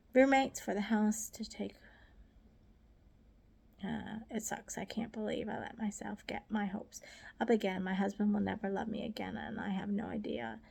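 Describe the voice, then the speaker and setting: A woman reading her own diary aloud, soft and often half-whispered, halting and grieving. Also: medium pitch, vocal fry, slightly rough. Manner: halting, with restarts. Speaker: diary reader.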